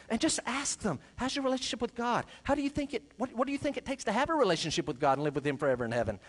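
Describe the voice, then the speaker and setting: A male pastor preaching a sermon, swinging between loud emphasis and quiet asides. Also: high voice, big pitch swings, quick pace, few pauses.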